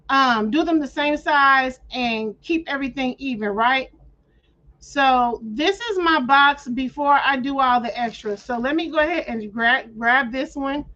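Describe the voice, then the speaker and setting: High-voiced woman chatting through a tutorial. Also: pushed and bright. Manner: chatty, talks viewers through each click; playful slang, frequent throat clearing. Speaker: craft tutorial host. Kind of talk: casual screen-share tutorial. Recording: dull lo-fi audio.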